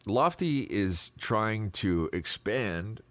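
A man's voice: fairly low pitch, very slow, a crowd in the background. A man co-hosting a podcast, telling a story casually and with energy on a studio mic. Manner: animated storytelling. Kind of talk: casual chat.

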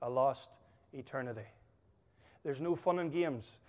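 A man preaching a sermon, emphatic and full of stories, his volume swinging between loud stresses and quiet asides. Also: mid-range voice, a little slow. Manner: emphatic, storytelling, rising and dropping volume. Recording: long hall reverb.

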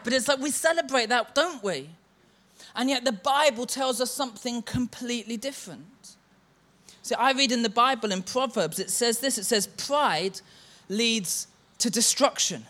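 A man's voice: extremely high pitch, measured pace, bright, forceful tone. A church leader giving a sermon, telling stories and chanting a mocking refrain to make his point.

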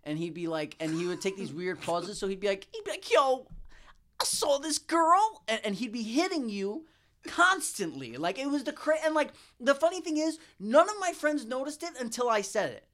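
A man's voice: high voice, big pitch swings, brisk, fairly bright tone. Rambling man in his thirties. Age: 30s. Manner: rambling, full of fillers and swearing, breaks into impressions. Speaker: podcast guest. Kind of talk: casual chat.

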